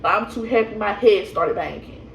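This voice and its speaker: A woman's voice: medium pitch, normal speed, a little hiss or hum. A young woman telling her birth story casually, rambling and laughing, with lots of fillers and restarts. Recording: echoey room, voice from a distance.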